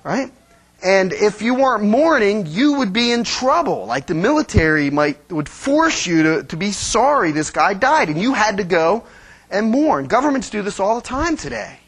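High-voiced man preaching a casual sermon. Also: very animated, moderate pace, a bit bright, husky. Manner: conversational, acts out children's voices, frequent "right?". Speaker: pastor.

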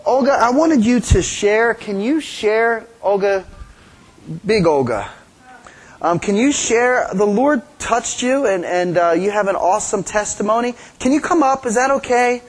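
High-pitched pastor guy, kinda hesitant, lots of ums, coaxing someone up. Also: animated, unhurried. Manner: hesitant, coaxing, with many fillers. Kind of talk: sermon.

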